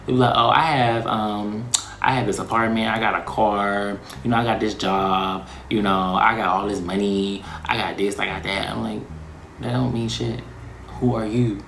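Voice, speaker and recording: A man hosting his own vlog, talking in a casual, reflective way, slangy and expressive. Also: lowish voice, moderate pace, vocal fry, roomy sound, slight background noise. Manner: slangy and expressive, breaking into laughs. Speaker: vlog host.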